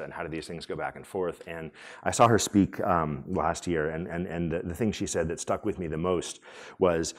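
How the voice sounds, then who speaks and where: A man hosting a conference session and giving a conversational talk, with many fillers and restarts, polling the audience. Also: sits low. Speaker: conference speaker and room host. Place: conference hall.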